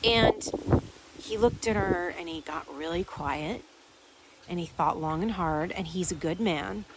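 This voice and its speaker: A woman podcast host tells listeners a story, animatedly acting out what each person said. Her voice is on the low side and unhurried, and the recording is very noisy.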